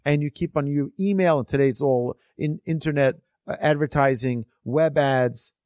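A man's voice: on the high side, normal speed, a little mellow, no room sound, clean studio sound. A religious teacher telling a parable and explaining it to his weekly class in an earnest, discursive way. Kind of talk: storytelling lesson.

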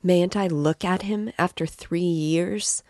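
A woman's voice: low-pitched, measured pace, darkish tone, dry recording, clean studio sound. A woman voicing an anxious, tearful middle-aged mother who speaks timidly and pleadingly.

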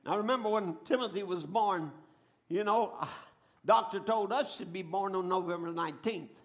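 A middle-aged man preaching a sermon, telling stories dramatically and swinging from a hush to a shout. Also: sits high, moderate pace. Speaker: pastor.

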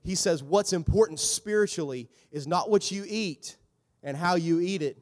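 Guy preaching, kinda high voice, jokey and animated, long echo off the hall. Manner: animated, joking asides with quick voiced impressions. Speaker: pastor. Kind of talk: sermon. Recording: echoey hall with long reverb.

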